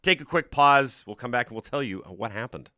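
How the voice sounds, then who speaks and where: A man hosting a morning sports radio show, running through the day's schedule in a lively way in a studio. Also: medium pitch, no room sound. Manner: lively, rattles off a quick rundown. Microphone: studio mic.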